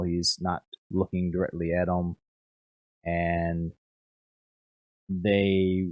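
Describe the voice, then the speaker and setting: A man's voice: deep voice, no room sound. A young man narrating as game master, rambling with lots of fillers and repeated words.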